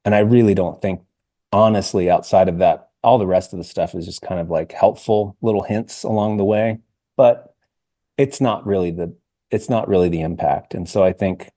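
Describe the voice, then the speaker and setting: Man, about 50, podcast guest; earnest and halting, warm low voice, dry. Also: no room sound. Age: around 50. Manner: earnest, halting, with many restarts and "like". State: emotional, near tears. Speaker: podcast guest, singer-songwriter. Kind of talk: reflective interview conversation.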